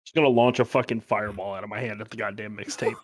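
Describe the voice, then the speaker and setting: A man's voice: on the low side, steady tone, fast talker. A man playing a tabletop game in a blunt, bossy, swearing manner. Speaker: player. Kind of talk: tabletop game role-play.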